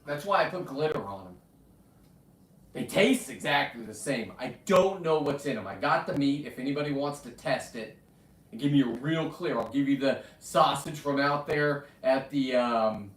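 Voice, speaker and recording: A man's voice: medium pitch, moderate pace, recorded from a distance. A man hosting a rambling livestream, brash and profane, chatting with viewers and talking to his dog. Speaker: livestream host. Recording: echoey room, off-mic.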